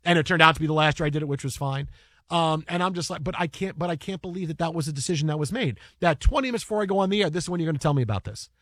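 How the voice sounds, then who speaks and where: Guy rattling off a story real fast, high-ish voice, dry close sound. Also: dry recording. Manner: animated, rapid storytelling with restarts. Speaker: podcast host and broadcaster. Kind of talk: casual storytelling chat.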